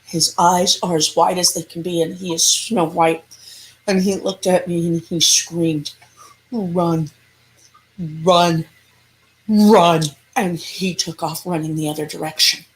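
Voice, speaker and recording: Woman paranormal investigator telling a spooky story, lively, acts out the voices. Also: lowish voice, normal speed, a little hiss or hum. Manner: animated storyteller, acting out dialogue. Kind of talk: storytelling in an interview.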